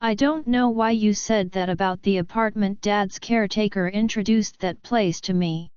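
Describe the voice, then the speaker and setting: A woman's voice: medium pitch, moderate pace, darkish tone, smooth, no echo, muffled recording, lightly acted. Woman reading a frightened, pleading young woman. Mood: defensive. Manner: desperate, pleading.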